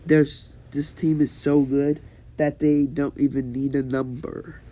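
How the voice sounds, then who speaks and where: A man's voice: a little high, flat delivery, takes it slowly, warm tone, rough recording. A man voicing an old village leader patiently explaining, with many fillers, in a fan story.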